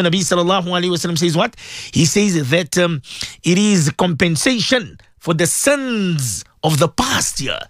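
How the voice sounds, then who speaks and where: A man hosting a morning religious radio talk show, animated and chatty, acting out what people tell him. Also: sits high, no room sound, studio quality. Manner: animated, acts out callers' voices, heavy religious phrases.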